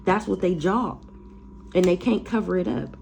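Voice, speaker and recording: A woman's voice: fairly low pitch, fairly even intonation, moderate pace, creaky, darkish tone, slight background noise. A woman tarot reader ranting casually, blunt, defiant and profane, repeating phrases for emphasis.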